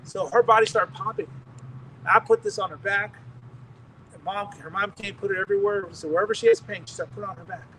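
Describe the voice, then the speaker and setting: A man's voice: sits high, steady tone, fairly quick, pushed and bright. A male preacher giving a sermon testimony as a story, acting out the voices of the people he quotes. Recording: distant mic with faint noise.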